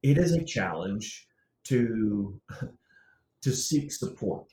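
A man's voice: fairly low pitch, animated, drawn-out words, warm tone. A man in casual conversation, rambling and restarting, laughing often. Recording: roomy and distant from mic.

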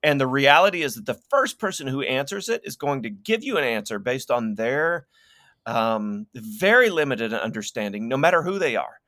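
A man co-hosting a casual talk show, telling stories in an animated way and slipping into playful impressions. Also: mid-range voice, moderate pace, no echo, studio quality. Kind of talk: casual conversational chat.

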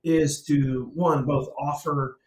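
A man's voice: a little high, steady tone, slow, darkish tone. A man in casual conversation, rambling and restarting, laughing often. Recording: roomy and distant from mic.

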